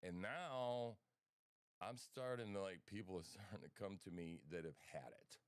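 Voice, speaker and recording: A man's voice: deep voice, normal speed, smooth, dry recording. A man in casual political chat, blunt and fired up, swearing freely. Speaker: guest.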